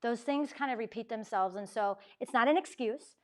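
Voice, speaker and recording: A woman's voice: on the high side, moderate pace, a little mellow. A young adult woman giving a chatty faith talk to students, acting out quotes and often asking "right?". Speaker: campus ministry speaker.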